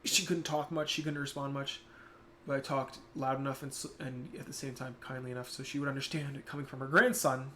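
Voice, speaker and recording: A man's voice: medium pitch, fairly even intonation, fairly quick, slight background noise. Reflective young man, casual stream talk. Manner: reflective, soft-spoken when emotional. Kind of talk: casual chat.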